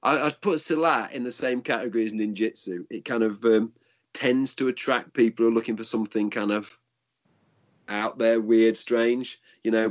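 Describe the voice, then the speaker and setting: Older guy, martial arts teacher, rambly casual answers, kinda muffled audio. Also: lowish voice. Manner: rambling, frequent restarts, practical.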